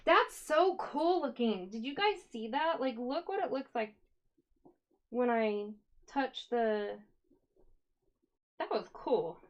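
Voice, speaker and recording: A woman's voice: a little high, animated, slow pace. Chatty upbeat woman live-streaming her crafts. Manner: chatty and upbeat, talks to viewers and her cat. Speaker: yarn dyer hosting a live stream. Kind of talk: casual live-stream chat.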